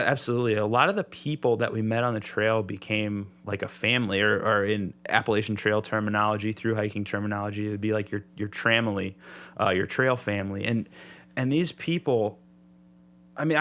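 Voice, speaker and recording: A man talking casually as a podcast guest, rambling and restarting his sentences as he tells stories from the trail. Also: lowish voice. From United States. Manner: relaxed, rambling with many restarts. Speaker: podcast guest, thru-hiker. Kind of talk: casual interview storytelling.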